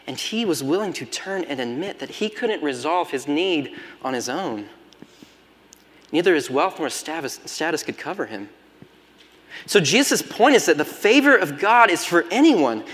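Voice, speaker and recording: Pastor guy preaching, fairly high voice, goes from loud to whispery, big echoey church hall. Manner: dynamic, swings from loud emphatic preaching to hushed near-whispers. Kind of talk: sermon. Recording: long hall reverb.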